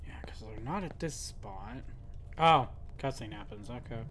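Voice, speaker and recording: A man's voice: medium pitch, expressive, measured pace, noisy background. A man commenting casually on a video game as he plays, muttering reactions and cracking jokes. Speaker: gameplay commentator. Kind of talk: let's play commentary. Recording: game music underneath.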